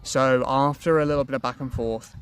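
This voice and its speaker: A man giving sales-training advice to camera in a lively, colloquial, self-deprecating way. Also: medium pitch, fairly quick, slight background noise.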